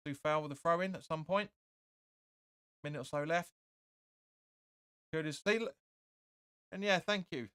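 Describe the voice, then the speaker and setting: A man hosting a fan watch-along, giving live match commentary and reading viewer comments. He is excitable and opinionated, and keeps insisting "sorry, but no.". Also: a little high, a little slow, pauses often, smooth, no room sound, clean studio sound.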